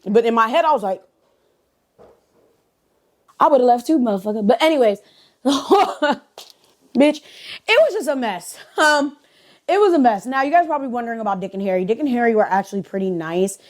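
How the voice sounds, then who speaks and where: A woman vlogger telling a casual storytime, animated, profane, blunt and gossipy. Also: fairly high pitch, fairly quick. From United States.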